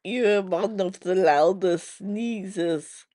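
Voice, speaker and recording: Slow-talking woman with short remarks. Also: mid-range voice, dark tone, dry recording, studio quality. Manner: brief interjections. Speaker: live-stream co-host. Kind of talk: casual live-stream chat. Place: home balcony.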